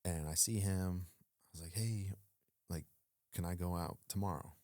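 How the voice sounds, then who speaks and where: A man's voice: low-pitched, unhurried, no room sound, studio quality. A man, a former soldier, telling a story casually in an interview, acting out quoted dialogue with plenty of fillers. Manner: animated, acts out quoted dialogue, frequent fillers. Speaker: guest, former Navy SEAL.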